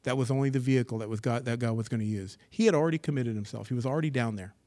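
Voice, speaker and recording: A man preaching a sermon to a church assembly, reading scripture aloud and commenting on it, dropping to hushed asides and rising to excited bursts. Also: medium pitch, very fast. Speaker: pastor.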